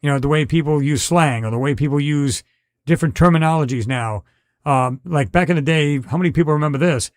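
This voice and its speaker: A middle-aged man with a slightly high voice hosts a live podcast. He rambles casually, restarts sentences and talks straight to his viewers. The sound is close and dry, with no room echo. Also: fairly quick. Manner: rambling, conversational, many restarts and fillers. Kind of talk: casual live-stream chat reading viewer comments.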